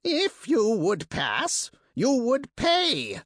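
A man voicing a greedy, bird-like monster with a strained, rasping high voice and slow, broken, menacing speech in an audiobook. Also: huge pitch swings, no room sound, studio quality, full character voice.

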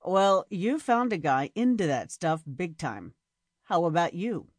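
A woman voicing a flirtatious outdoorsy man, speaking low and smooth with a teasing manner. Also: animated, unhurried, dry recording. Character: flirtatious man, deep-voiced outdoorsy charmer.

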